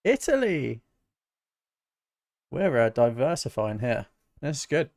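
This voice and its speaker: A British music producer chats casually with his livestream viewers, relaxed and poking fun at himself. His medium-pitched voice keeps a normal pace, and the studio recording is clean with no room sound.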